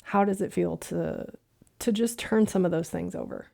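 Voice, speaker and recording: A woman speaks in a low, mellow voice with a gravelly edge. She talks to her listeners as a coach, earnest and candid, swearing freely. The sound is dry and close. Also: normal speed, no echo. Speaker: podcast host and integration coach. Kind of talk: reflective podcast monologue.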